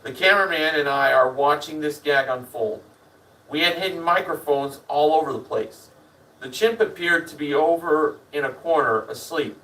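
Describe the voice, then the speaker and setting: A man reading a first-person memoir aloud as a lively storyteller. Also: on the high side, distant mic, rough recording. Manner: lively storyteller, animated in the punchlines. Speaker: reader.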